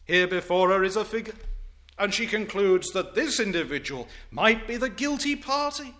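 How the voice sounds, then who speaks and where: A male preacher delivering a sermon, swinging from loud declaiming to hushed reverence. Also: high voice, animated, moderate pace.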